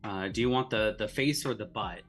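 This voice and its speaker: A man co-hosting a comedy stream, chatting casually and hesitantly while drawing, with many pauses and restarts. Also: on the low side, fairly bright tone, faint music behind. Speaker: comedy show co-host drawing live.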